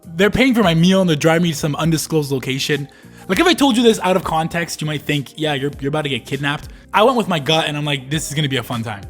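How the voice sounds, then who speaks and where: A man's voice: on the high side, lively intonation, quick pace. A young man in his early twenties from Canada, telling a travel story in a laid-back, slangy voice-over. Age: early 20s. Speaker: travel vlogger. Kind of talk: casual voice-over narration. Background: faint background music.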